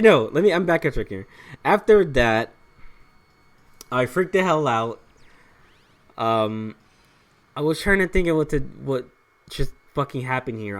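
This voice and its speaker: A young man telling a personal story over gameplay, rambling with frequent swearing, fillers and restarts. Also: mid-range voice. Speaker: gaming channel host.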